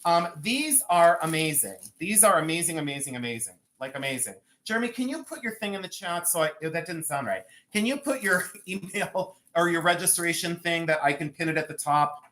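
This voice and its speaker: Excitable man hosting a live sale. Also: sits high. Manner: chatty, excitable, self-mocking banter. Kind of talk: live-stream selling chat.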